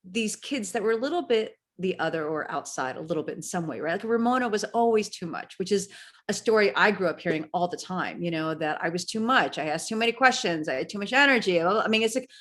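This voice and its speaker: A woman in her fifties from the United States, a guest author speaking in an earnest, reflective way and quick to laugh. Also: medium pitch, lively intonation, fairly bright tone. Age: 50s. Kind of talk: bookstore author conversation.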